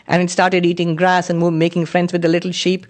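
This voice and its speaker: A man's voice: high voice, completely flat delivery, fairly quick. Earnest man giving a spiritual lecture. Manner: earnest storytelling, chants Sanskrit verses. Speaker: spiritual teacher.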